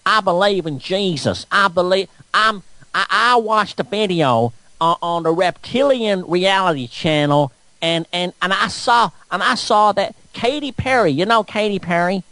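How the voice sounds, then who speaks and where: A man's voice: sits high, measured pace, bright, forceful tone, dry recording, pitched above the performer's own voice. A man voicing a gullible male conspiracy believer who stammers earnestly.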